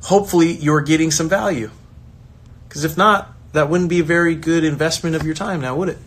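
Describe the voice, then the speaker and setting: A man talks in a loose, motivational style, full of energy and quick restarts. His voice sits a little higher than most men's. He often slips into acted-out voices of the people he quotes. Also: fairly even intonation. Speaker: soccer coach and online creator. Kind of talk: casual motivational talk.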